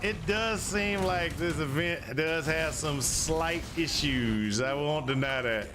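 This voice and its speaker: A man's voice: on the high side, slow pace, background noise. A man from North Carolina streaming a video game, chatting casually in a rambling, repetitive way. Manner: rambling and repetitive, restarts phrases. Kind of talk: casual chat while gaming.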